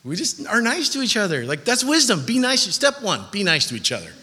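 Man, pastor, casual sermon, bright slightly high voice, long hall reverb. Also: huge pitch swings, fairly quick, husky. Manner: conversational, acts out listeners' voices.

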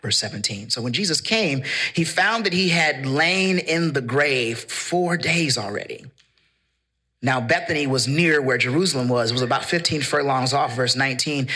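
Bright-voiced preacher man. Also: medium pitch. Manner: paraphrases verses casually, calls for congregation responses. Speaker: pastor. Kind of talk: sermon with scripture reading.

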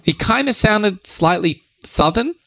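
A young man co-hosting a podcast, telling stories in a loose, slangy, animated way. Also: high voice, measured pace, creaky, no room sound. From Australia. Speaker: podcast co-host. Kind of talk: casual chat.

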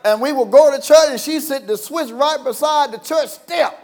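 A man preaching a sermon as pastor, folksy and storytelling, breaking into sudden shouts and chuckles. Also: very high-pitched, normal speed.

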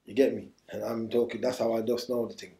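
Guy rambling through his story in street slang, quick talker, roomy echo. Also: mid-range voice, level tone, gravelly, mellow. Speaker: interview guest. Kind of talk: candid storytelling interview.

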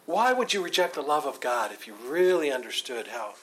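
A man's voice: a little high, sing-song, fairly quick, fairly bright tone, slightly rough. A man leading a Bible study, teaching with emphatic, repeated phrases.

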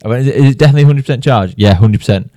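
A man from England tells a funny story in casual chat on his golf podcast, laughing as he goes. His voice sits at a middle pitch. It sounds close and dry, with almost no room around it. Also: very fast, warm tone, dry recording. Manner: anecdotal, laughs often while telling a story. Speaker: podcast co-host.

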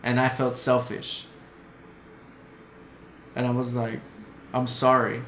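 A man's voice: medium pitch, completely flat delivery, slow pace. A man telling a story in casual chat as a podcast guest, blunt and heated, swearing often. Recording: echoey room, faint noise.

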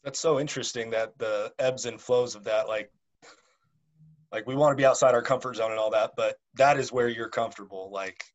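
A man's voice: mid-range voice, steady tone, fairly quick. A man hosts a casual interview and chimes in with reflective remarks. His voice comes through muffled, in dull lo-fi sound. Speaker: podcast host.

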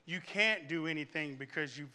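A man preaching in church, this pastor has a fairly high-pitched voice and a normal speaking speed. He tells vivid stories, regularly restarts his sentences, and asks questions of the congregation.

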